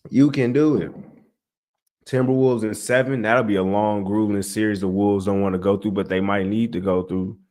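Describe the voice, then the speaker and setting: Animated young man ranting about basketball. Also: lowish voice, fairly quick, hardly any pauses. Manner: animated, exasperated, talks to chat directly. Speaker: sports podcast host. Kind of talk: casual livestream sports talk.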